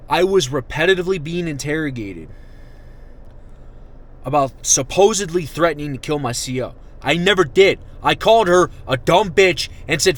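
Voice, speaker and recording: A man's voice: a little high, lively intonation, moderate pace, slight background noise. Profane, bitter young male army veteran. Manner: profane, bitter, swings between shouting and muttering. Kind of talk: angry venting monologue.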